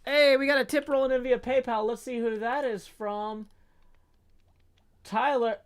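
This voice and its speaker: A man's voice: extremely high pitch, steady tone, measured pace. A man live-streaming a game, chatting casually, reading out tips and counting blocks under his breath.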